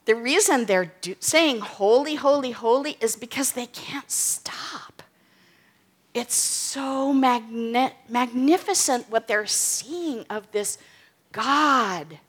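Speaking slowly in a slightly high, husky voice, a woman reads Bible passages aloud with emphasis, then explains them in a relaxed way, frequently asking "okay?" and "right?"

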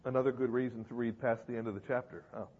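In a reverberant church hall before an audience, a preacher delivers an emphatic sermon full of repeated phrases and rhetorical questions. He talks very fast at mid pitch in a level tone, and the recording is dull and lo-fi.

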